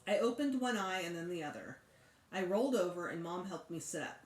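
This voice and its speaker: A teacher reading a children's chapter book aloud with expressive, animated storytelling. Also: female voice, lowish voice, fairly quick. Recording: echoey room.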